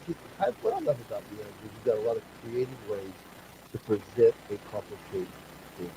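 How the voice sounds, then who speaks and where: A man hosting a talk show, speaking in a halting way with many fillers and restarts. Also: on the low side, lively intonation, background noise. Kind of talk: casual talk-show conversation.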